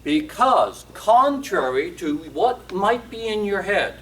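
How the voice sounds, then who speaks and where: Brief: wry man lecturing on discipline, slightly high voice, distant mic with faint noise. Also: sing-song, slow, few pauses, fairly bright tone. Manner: storytelling, acts out quoted parents and kids, wry humor. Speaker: parenting and discipline speaker. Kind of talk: seminar talk with acted anecdotes.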